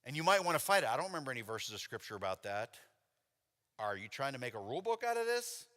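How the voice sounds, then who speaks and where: A man preaching at a church convention, telling lively stories and acting out the dialogue with casual fillers. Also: medium pitch, fast. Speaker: convention speaker. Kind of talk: sermon with storytelling. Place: church sanctuary. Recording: long hall reverb in a church.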